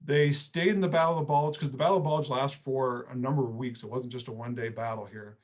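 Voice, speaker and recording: A middle-aged man, a history professor, giving an online history lecture in a relaxed, storytelling way. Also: medium pitch, fast talker. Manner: conversational storytelling with casual phrasing.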